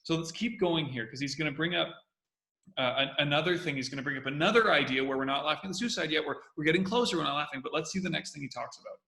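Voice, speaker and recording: Male host, energetic, bright edge, echoey room, repeats himself to drive points home. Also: on the high side, quick pace, vocal fry. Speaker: host analyzing comedy. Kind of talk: casual video commentary.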